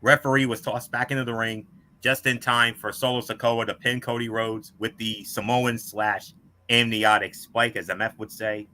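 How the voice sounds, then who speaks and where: Bright-voiced man reading a wrestling review. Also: lowish voice. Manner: measured, scripted delivery with star ratings. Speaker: wrestling podcast co-host.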